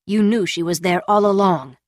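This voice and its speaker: A woman's voice: mid-range voice, moderate pace, no room sound, clean studio sound, natural voice. A woman voicing a suspicious, angry man who confronts his lover in blunt, accusing lines.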